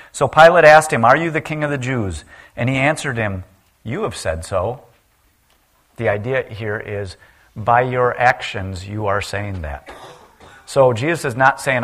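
A man preaches and reads scripture aloud, getting loud at the cries and dropping low and quiet on the key lines.

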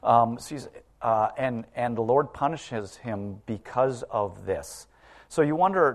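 A man preaching to his congregation in a relaxed, conversational sermon. He often stops to put rhetorical questions to his listeners. His voice sits at a middle pitch for a man. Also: takes it slowly.

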